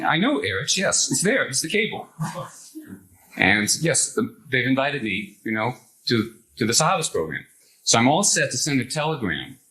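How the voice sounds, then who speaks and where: An older man telling a personal anecdote to a live audience, animated, acting out the others' lines in the story. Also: mid-range voice, rough recording.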